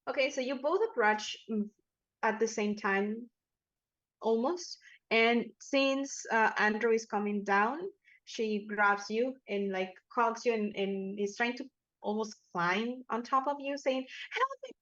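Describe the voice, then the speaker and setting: Woman game master, slightly high voice. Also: a bit bright, dull audio. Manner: casual, with fillers and quick self-corrections. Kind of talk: narrating a tabletop horror game. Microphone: headphones and microphone.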